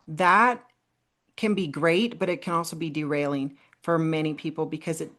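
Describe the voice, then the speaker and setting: Low voiced woman cohost, emphatic pep talk, casual. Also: fairly even intonation, normal speed, a bit bright. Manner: emphatic, motivational. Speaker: podcast co-host. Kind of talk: casual chat.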